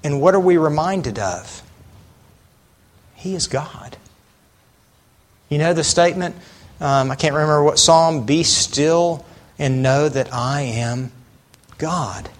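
A middle-aged male pastor delivering a sermon at an unhurried pace. His voice sits a little high for a man, and he talks to the congregation casually, posing questions and circling back on his words. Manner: conversational preaching with rhetorical questions and frequent restarts.

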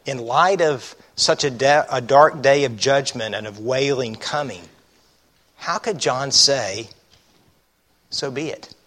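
A man's voice: medium pitch, slow pace, a bit bright. A man preaching a sermon as a pastor, reading scripture aloud and asking the congregation rhetorical questions. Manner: reads scripture aloud with emphasis.

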